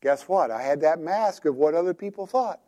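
A male preacher with a slightly high but mellow voice, delivering a sermon like a friendly conversation. He tells stories and keeps turning to his listeners with questions. His delivery feels easy and unforced. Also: animated, moderate pace.

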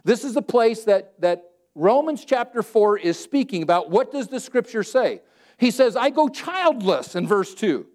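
This man, a pastor from Southern California, preaches in an unhurried, high voice using simple everyday words. Animated and conversational, he dramatizes the scripture verses he quotes.

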